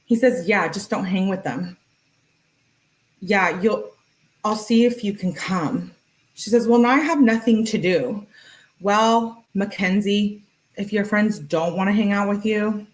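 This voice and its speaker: A young woman hosting a true crime commentary stream reads text messages aloud with lively emphasis, adding playful asides and casual chatter and laughing often. Her mid-range voice is slow, and the recording is rough.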